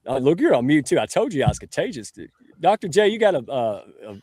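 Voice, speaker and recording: A man's voice: a little high, very animated, fast, warm tone, breathy edge, dry recording. Man, livestream host on a video call, folksy jokester, close and dry sound. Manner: folksy and joking, calls himself a redneck. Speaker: show host. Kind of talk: casual livestream hosting.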